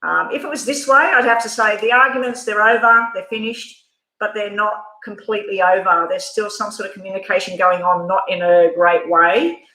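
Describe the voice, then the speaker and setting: A woman's voice: mid-range voice, fairly even intonation, moderate pace, pushed and bright, roomy sound, poor audio. A middle-aged Australian woman giving a rambling, frank tarot reading on a live stream. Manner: chatty, rambling, frank with mild swearing. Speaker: tarot reader.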